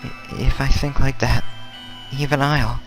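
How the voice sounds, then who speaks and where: A man voicing an anxious teenage girl who craves donuts, speaking in a soft, halting voice. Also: medium pitch, level tone, music in the background, pitched above the performer's own voice, lightly acted, low-quality recording. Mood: distressed.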